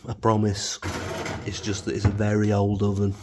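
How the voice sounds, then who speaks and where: Dry, rambling man, low voice. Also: monotone, moderate pace, very noisy. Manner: rambling, dry and wry with many fillers. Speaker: food reviewer. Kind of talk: casual food review vlog. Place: home kitchen.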